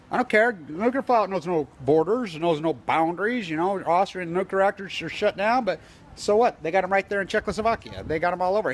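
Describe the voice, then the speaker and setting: Holding a camera on himself at a street protest outside an office building, a high-pitched man rambles in an agitated, conspiratorial vlog. His stories come peppered with quoted dialogue.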